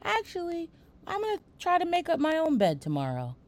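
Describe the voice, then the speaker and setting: A woman's voice: very high voice, huge pitch swings, brisk, darkish tone. A woman hosting a podcast in casual chat, playful and teasing, talking with lots of energy. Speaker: podcast host.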